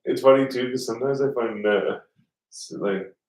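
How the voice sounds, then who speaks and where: A man's voice: medium pitch, normal speed, a little mellow. A man telling a rambling story in casual podcast chat, swearing often and acting out the people he quotes. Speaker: podcast host. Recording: roomy, mic at a distance.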